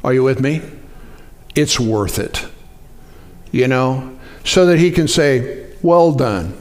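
A man preaching a sermon in a conversational way, often asking the congregation to respond. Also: takes it slowly. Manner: animated, jumps up in pitch for acted-out quotes. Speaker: pastor.

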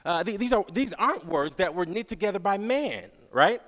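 A man's voice: high-pitched, expressive, a bit bright. Man preaching with rising "right?" asides. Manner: repeats phrases, asks the crowd "right?"; slow, drawn-out prayer recitation. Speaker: guest speaker. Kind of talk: sermon. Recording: long hall reverb.

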